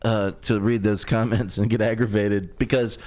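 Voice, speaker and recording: A man's voice: fairly low pitch, little pitch movement, normal speed, darkish tone. A man co-hosting a podcast in casual chat, laid-back and agreeable. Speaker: podcast co-host.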